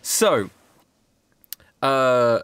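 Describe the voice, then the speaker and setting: A man's voice: medium pitch, animated, very slow, a bit bright, clear, resonant tone, no room sound. A man narrating and running a tabletop role-playing game as game master, laughing often and restarting his sentences.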